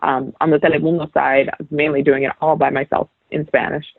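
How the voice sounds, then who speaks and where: Husky young woman on a tinny line. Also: low-pitched, level tone, fairly quick. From New York City. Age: young adult. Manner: chatty, frequent fillers and restarts. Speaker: guest, sports reporter. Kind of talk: casual interview chat.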